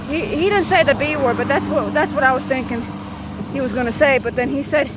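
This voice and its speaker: Brief: woman in her thirties, high voice, meandering excitable storyteller, noisy outdoor recording with traffic. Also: brisk. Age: 30s. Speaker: vlogger. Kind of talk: rambling story time.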